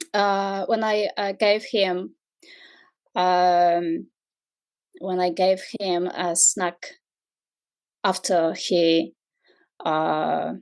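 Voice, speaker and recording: Slow, hesitant woman. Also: on the low side, a little mellow. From Poland. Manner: hesitant, many fillers. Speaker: guest, equestrian professional.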